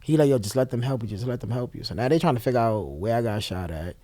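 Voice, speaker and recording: A guest from Brooklyn, New York recounts an emotional story, talking fast in a medium-pitched voice and animatedly imitating the people involved. The sound is studio quality, with no room sound.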